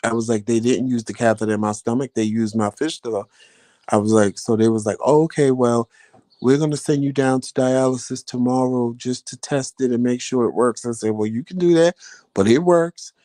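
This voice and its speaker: A man's voice: medium pitch, steady tone, a little fast, warm tone, no room sound. A man chatting casually to his viewers, telling a story and acting out the voices of the people he quotes. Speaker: vlogger.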